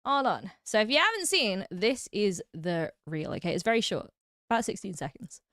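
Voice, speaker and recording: A woman's voice: medium pitch, animated, normal speed, a bit bright, dry recording, studio quality. Giggly, chatty English woman streamer. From England. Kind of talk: casual livestream chat.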